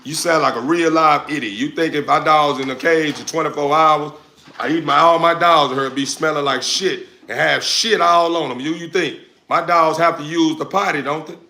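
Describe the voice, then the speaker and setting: A man ranting at his chat on a livestream, his voice bright and forceful and pitched a little high. He talks in loose, slangy bursts, repeating phrases as he pushes back at critics. He has no mic clipped on, so the sound comes from the phone or camera. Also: steady tone, normal speed, slight background noise. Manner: loud, confrontational, repetitive, slangy. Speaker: dog breeder streamer answering chat. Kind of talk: livestream rant to viewers. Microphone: no lapel mic, phone or camera mic.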